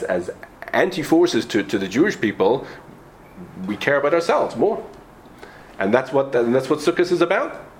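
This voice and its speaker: A man teaching a Talmud lesson in a mid-pitched voice that swings high and low as he poses and answers questions. He restarts phrases often and clears his throat now and then. A faint hiss sits behind him. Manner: animated, rising to questions, frequent restarts and coughs. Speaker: Torah teacher. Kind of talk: Talmud lecture.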